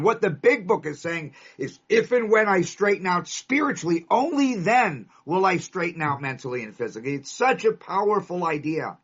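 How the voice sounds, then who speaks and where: Sharing his story at a recovery meeting, this man from California speaks in a high, slightly bright voice. His delivery is emphatic, with punchy lists to drive points home. The audio is dull and lo-fi.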